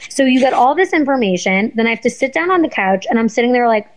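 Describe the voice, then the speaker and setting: A woman guest telling a story in a casual interview, animated and swearing, acting out what people said. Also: on the high side, fast talker, rough recording. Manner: animated, swearing, acts out quotes. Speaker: guest, former reality show contestant.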